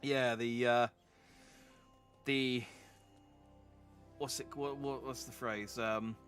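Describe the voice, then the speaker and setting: Guy streaming a game, chatty and rambly, keeps restarting, quiet music under it. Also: medium pitch, steady tone, slow pace. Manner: rambling, self-interrupting, chatty. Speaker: vtuber streamer. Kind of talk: casual game commentary.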